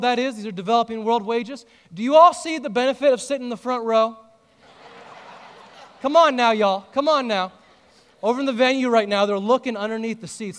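A man's voice: very high-pitched, a bit bright. A man preaching a sermon as a pastor, telling the story with animation and joking with the congregation. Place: church auditorium. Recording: long reverb of a large hall.

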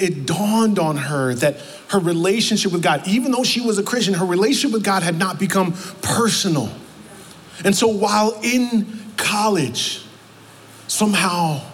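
A man preaching a sermon as pastor, in a conversational, animated way that keeps breaking into acted-out quotes. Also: on the high side. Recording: long reverb of a large hall, faint noise.

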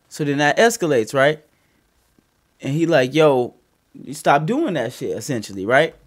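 A man casually telling a story on a podcast, profane and animated, with loud bursts as he acts it out. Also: on the high side, unhurried, pauses often.

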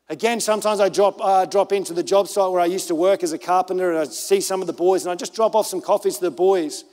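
An Australian pastor preaches a sermon in a high, lifted voice, animatedly telling stories and acting out other people's voices. He talks at a quick pace with few pauses, and his words ring out with a long reverb through a church hall.

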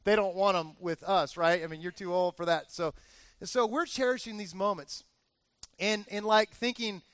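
A man in his forties preaching a sermon as pastor, telling a lively family story and acting out the cheers. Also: sits high, normal speed, no room sound. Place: church.

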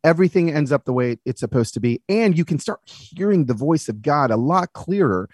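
A man talking as a podcast guest, earnest and animated, telling stories about his faith. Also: fairly high pitch, fairly quick, husky, no echo, studio quality. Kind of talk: casual conversation.

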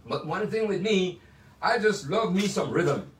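An older Jamaican man with a slightly high voice tells stories in a chatty, playful way. He sits back from the mic in his home music room, and the small room rings with echo around his words. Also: animated, a little hiss or hum. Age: 80s. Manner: chatty, playful, drawn-out asides. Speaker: musician sharing memories. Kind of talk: casual storytelling monologue. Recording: echoey room, mic at a distance.

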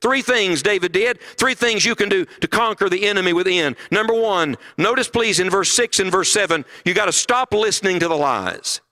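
A man's voice: high-pitched, expressive, normal speed, few pauses, bright, forceful tone. A middle-aged man preaching a sermon at a conference, emphatic and full of rhetorical questions.

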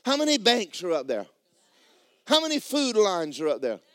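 Man, pastor, higher-pitched voice, emphatic sermon delivery, dry close recording. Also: wildly swooping pitch, moderate pace, no room sound. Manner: emphatic, rising to loud preaching, then dropping low for stories.

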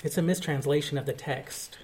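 A man's voice: a little high, brisk, a little mellow. A male pastor preaching a sermon, explaining a point of scripture in an earnest, teaching manner.

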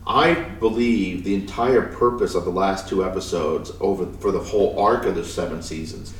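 A man's voice: sits low, moderate pace, recorded from a distance. A man co-hosting a podcast, reviewing TV episodes in a rambling, casual way with frequent restarts. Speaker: podcast co-host. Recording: echoey room, off-mic, faint noise.

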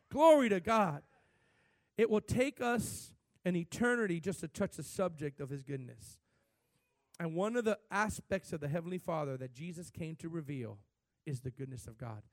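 A man preaching a sermon as pastor, talking animatedly, with sudden swells in pitch and loudness. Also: big pitch swings, normal speed, no echo.

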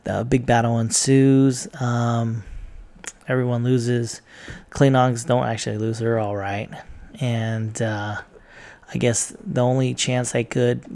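A man's voice: medium pitch, vocal fry, a little mellow. A man casually recapping TV episodes, rambling and swearing with plenty of ums and uhs. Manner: rambling, profane, lots of fillers. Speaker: TV recap vlogger.

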